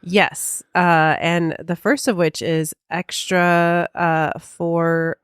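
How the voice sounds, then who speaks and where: Chatty woman co-host, lowish voice. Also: flat delivery, extremely slow, clean tone, no echo, studio quality. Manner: rambling, hedging with "I mean" and "um". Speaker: podcast co-host. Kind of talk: casual chat and reading listener mail.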